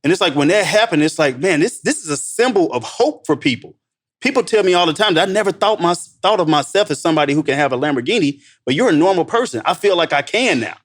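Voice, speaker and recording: An excited man telling stories on a podcast, calling his host "bro" again and again. He acts out what others said in a sudden higher voice, then drops back to an everyday pitch. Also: fast talker. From Missouri, United States. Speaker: guest entrepreneur. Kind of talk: animated podcast storytelling.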